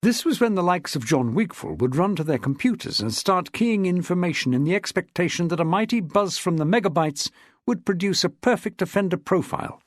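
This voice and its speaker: A man reading a crime novel as an audiobook, in a measured, expressive storytelling manner. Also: sits high, no room sound, studio quality. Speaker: audiobook narrator. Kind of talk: scripted narration.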